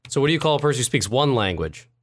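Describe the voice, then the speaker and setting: A man's voice: mid-range voice, big pitch swings, rapid-fire, a little hiss or hum. A man co-hosting a casual podcast chat, joking and rambling, often laughing. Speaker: podcast co-host.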